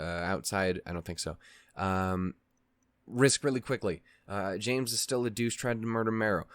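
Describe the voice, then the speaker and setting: A man's voice: on the low side, smooth, dry recording. A man hosting a reaction channel, casually recapping a show in a rambling way, with lots of fillers, restarts and swearing.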